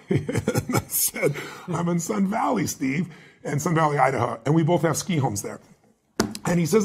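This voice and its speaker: A man's voice: on the high side, moderate pace, creaky, breathy edge. A man being interviewed as a guest speaker and author, telling stories emphatically and acting out the dialogue he quotes. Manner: animated, emphatic storyteller who acts out quoted dialogue. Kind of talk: interview storytelling.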